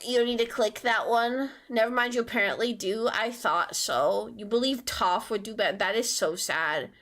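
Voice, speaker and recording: A woman's voice: fairly high pitch, normal speed, fairly bright tone, faint music behind. A young woman streaming live, chatting casually with her viewers in a whiny, playful way. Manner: whiny, playful, talks to chat.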